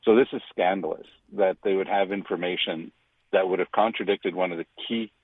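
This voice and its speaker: An older man giving indignant, emphatic radio commentary, stressing words with big jumps in pitch. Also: fairly even intonation, fairly quick, slightly rough, no echo. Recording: dry, phone-like radio line.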